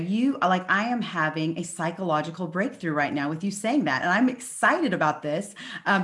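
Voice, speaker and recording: A woman hosting a podcast, speaking openly and emotionally about her own experiences. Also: on the low side. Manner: open, emotional, animated storytelling. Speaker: podcast host. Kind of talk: podcast conversation.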